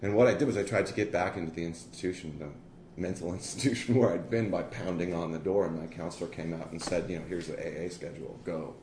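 A man's voice: sits low, fast, darkish tone. A middle-aged man telling a personal recovery story in a blunt, profane, self-mocking way. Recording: echoey room with background noise.

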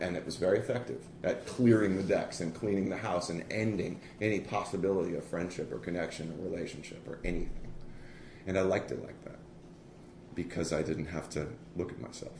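Blunt, profane man with an echoey voice. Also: low voice. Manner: blunt, profane, self-mocking, animated. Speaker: storyteller. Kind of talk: personal recovery story told to an audience. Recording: echoey room with background noise.

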